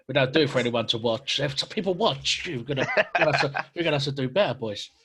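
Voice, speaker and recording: A man hosts a relaxed podcast chat over a video call. He tells stories in a chatty, slangy way, laughing often, at an ordinary middling pitch. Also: fast, breathy edge. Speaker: podcast host. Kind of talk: casual chat.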